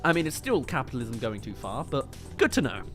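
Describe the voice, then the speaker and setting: Lively British man riffing on livestream. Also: medium pitch, faint music behind. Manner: chatty, answers viewer comments with quick jokes. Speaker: movie review livestream host. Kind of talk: casual livestream commentary.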